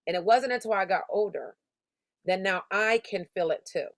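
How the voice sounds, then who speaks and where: A woman's voice: mid-range voice, moderate pace, no echo. A woman sales coach giving a motivational lesson in an emphatic, conversational, slangy storytelling manner. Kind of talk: motivational teaching talk.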